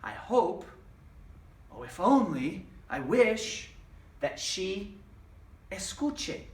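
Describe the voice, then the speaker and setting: A man's voice: high voice, a bit bright, distant mic. A man teaching a Spanish lesson, explaining grammar patiently and repeating examples step by step. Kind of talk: recorded classroom lesson. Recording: echoey room, voice off-mic.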